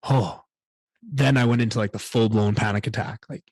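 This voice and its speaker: A man's voice: fairly low pitch, steady tone, moderate pace, a little mellow, slightly rough, dry recording. A man hosting a solo podcast, telling a candid personal story in a rambling way and swearing often. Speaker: podcast host.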